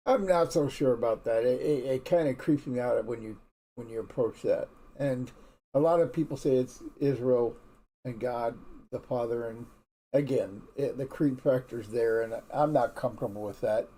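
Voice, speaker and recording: A man teaches a relaxed morning Bible devotion in an everyday mid-pitched voice. His delivery is folksy and candid, loosely conversational rather than preachy. He often doubles back and restarts his sentences as he works out his thoughts.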